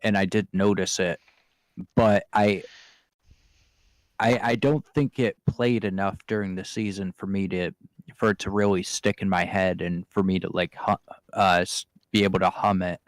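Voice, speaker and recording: Halting low-voiced man hosting a podcast. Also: fairly even intonation, no echo. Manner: halting, searching for words. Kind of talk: casual podcast chat.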